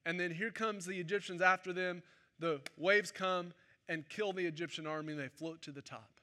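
A man with a high, ringing voice preaches a sermon during a church service. His delivery stays bright and forward, and he speaks like he is chatting and joking with the congregation. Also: moderate pace. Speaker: pastor.

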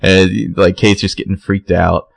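Low gravelly guy on a recap podcast, chill, does the characters' lines. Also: a little slow, no room sound. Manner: relaxed storytelling, acts out quotes. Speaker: podcast co-host. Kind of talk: casual recap chat.

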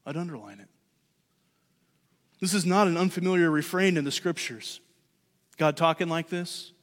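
Brief: male pastor, slightly higher voice, chatty animated sermon, long church reverb. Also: moderate pace. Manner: conversational, animated preaching with shifting loudness. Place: church sanctuary.

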